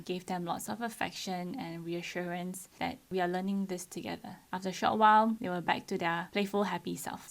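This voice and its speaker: A woman in her thirties telling a personal parenting story to camera in an earnest, firm way, acting out what her child said. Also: mid-range voice. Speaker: parenting vlogger.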